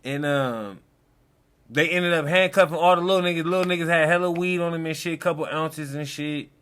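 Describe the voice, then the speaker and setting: A man's voice: on the high side, fairly quick, a bit bright, clear, resonant tone. Slangy young man telling a story. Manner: loose, slangy storytelling, acting out quotes. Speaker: host. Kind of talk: casual storytelling reaction video chat.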